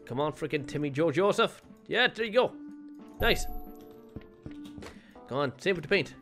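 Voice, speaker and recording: A man giving excitable let's play commentary, swearing and playing up mock outrage. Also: on the high side, normal speed, faint music behind. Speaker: gaming video creator.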